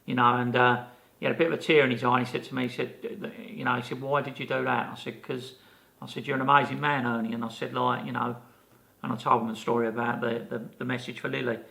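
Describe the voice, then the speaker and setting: Older man, podcast co-host, gravelly and bright-toned, chatty storyteller. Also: mid-range voice, quick pace. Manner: animated anecdote teller, many fillers and restarts. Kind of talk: casual storytelling chat.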